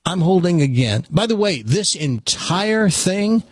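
Animated, husky-voiced man telling a story. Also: high voice, measured pace, no room sound. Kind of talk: storytelling monologue to an audience.

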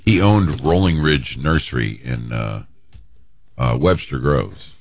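A male radio co-host chatting on air, recalling in a slow, sentimental way. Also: very deep voice, lo-fi sound. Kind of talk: casual on-air chat.

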